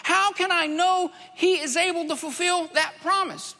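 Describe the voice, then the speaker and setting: High, gravelly preacher man in a hall. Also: fairly even intonation, moderate pace, bright, forceful tone. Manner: emphatic, repeats key phrases for stress. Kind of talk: sermon. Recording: long hall reverb.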